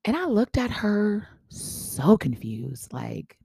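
Female podcast host, storyteller who acts out dialogue, low mellow voice, dry close sound. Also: sing-song, takes it slowly, creaky, few pauses, husky, no echo. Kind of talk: casual storytelling.

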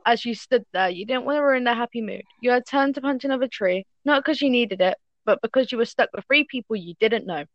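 A woman's voice: fairly high pitch, dry recording. A woman reading a fan story aloud to friends, stumbling and correcting herself as she goes. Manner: halting, stumbles and corrects herself mid-read. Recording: dull lo-fi dry sound.

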